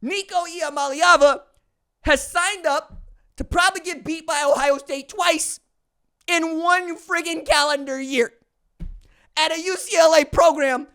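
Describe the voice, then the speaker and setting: A man's voice: extremely high pitch, measured pace. A man hosting a solo podcast, talking in an emphatic, slangy way and acting out what other people say. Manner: animated, emphatic, slangy, acts out quoted voices. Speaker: podcast host.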